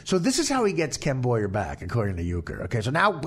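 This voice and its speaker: A man's voice: mid-range voice, wildly swooping pitch, a little fast, husky. A middle-aged man hosting a podcast, telling a long, profane anecdote in casual chat. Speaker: podcast host.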